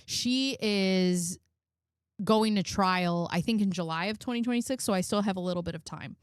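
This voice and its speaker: A woman's voice: medium pitch, normal speed, clean tone, dry recording, clean studio sound. A woman hosting a commentary channel, reacting casually and skeptically with chatty asides.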